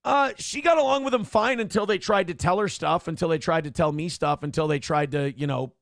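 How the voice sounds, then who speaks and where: Gravelly-voiced man talking candidly. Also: on the high side, fairly quick, a bit bright, dry recording, clean studio sound. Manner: candid, rambling with restarts and acted quotes. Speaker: podcast host reading chat comments. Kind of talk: casual livestream chat.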